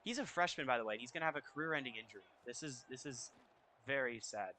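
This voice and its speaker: A young man giving casual, excitable commentary over a football video game, reacting out loud to each play. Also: medium pitch, quick pace, a little hiss or hum. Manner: excitable, reacting loudly to plays. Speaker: gaming YouTuber. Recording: faint music behind.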